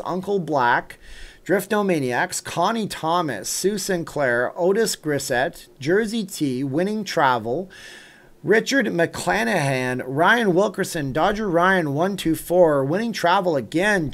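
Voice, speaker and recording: A middle-aged man hosting a casual livestream, chatting loosely, answering viewer comments, thanking supporters by name and drifting into an earnest pep talk. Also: fairly high pitch. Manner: rambling, chatty, reads out viewer names and answers chat. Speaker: livestream host.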